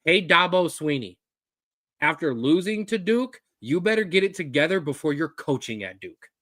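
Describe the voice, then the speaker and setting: A man co-hosting a sports show, slightly high-pitched and ranting with fired-up energy. His voice is close and dry, with almost no room sound. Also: sing-song, moderate pace, a bit bright, no echo. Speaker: co-host. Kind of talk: casual sports chat.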